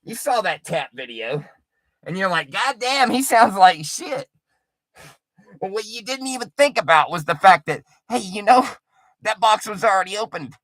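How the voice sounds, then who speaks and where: Brief: middle-aged male streamer, taunting and foul-mouthed, bright forceful tone, very dry sound. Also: sits high, animated, moderate pace, no echo. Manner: profane, taunting and mocking. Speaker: livestreamer. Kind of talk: rambling livestream rant.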